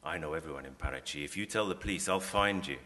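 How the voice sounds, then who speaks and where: A man doing a quiet, menacing gunman. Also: very deep voice, fast talker, big-room sound. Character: desperate, threatening male armed robber.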